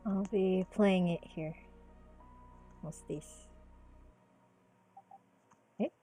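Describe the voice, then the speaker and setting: Slow-talking, giggly woman streamer. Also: mid-range voice, animated, darkish tone, husky, soft background music. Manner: giggly, swears freely, bursts into squeals; drops Japanese exclamations into speech. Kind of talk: casual live-stream chat while drawing.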